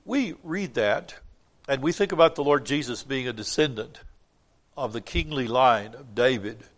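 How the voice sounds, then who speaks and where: A man preaching a sermon, swinging between loud emphatic lines and hushed ones, with emphatic repetition. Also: mid-range voice, animated, measured pace.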